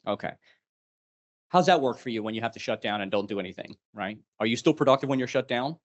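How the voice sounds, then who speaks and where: A man's voice: mid-range voice, quick pace, muffled recording. A man leading a live leadership workshop, animatedly quizzing the group. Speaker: leadership trainer.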